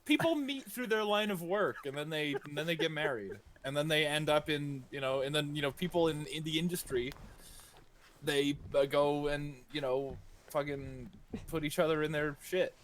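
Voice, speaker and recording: A man co-hosting a fan chat, quick to joke and laugh, often stumbling through his sentences. His voice sits a little higher than most men's. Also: slight background noise. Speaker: podcast co-host. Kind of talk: casual chat.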